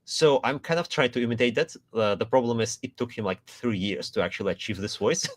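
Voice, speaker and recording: A man's voice: mid-range voice, fairly quick, no echo, studio quality. A man co-hosting a casual livestream, rambling with lots of fillers and restarts. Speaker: co-host, marketing officer.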